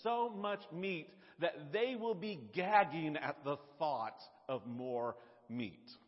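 A man preaching while voicing God as a calm, commanding male deity who speaks in a low, measured way. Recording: dull lo-fi sound, long hall reverb.

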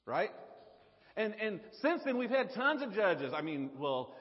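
A man's voice: sits high, sing-song, measured pace. Southern man preaching in a reverberant church. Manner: casual, chatty, self-interrupting. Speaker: pastor. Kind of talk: sermon. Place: church sanctuary. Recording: muffled live recording in a reverberant hall.

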